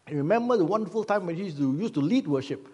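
A man's voice: high voice, lively intonation, fast, a little mellow, breathy edge, muffled recording. A man preaching a sermon as pastor, conversational, with many fillers and repeated rhetorical questions. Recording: long hall reverb.

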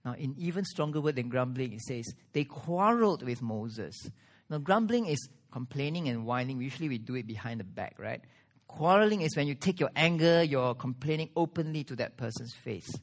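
Earnest male preacher. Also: on the high side. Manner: earnest preaching with strong pauses and rising emphasis. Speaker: pastor. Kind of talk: sermon.

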